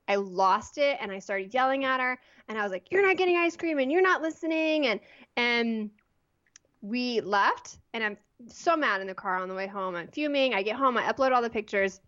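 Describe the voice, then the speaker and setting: A woman in her thirties, a podcast guest telling a personal story in a chatty, animated way with lots of "like". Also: medium pitch, muffled recording. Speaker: guest, photography blogger. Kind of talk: casual interview storytelling.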